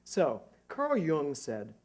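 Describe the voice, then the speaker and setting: A middle-aged man, a minister, giving a conversational sermon to a congregation, animated and joking at his own expense. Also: fairly high pitch, takes it slowly. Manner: animated, jokey, self-mocking. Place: church service before a congregation.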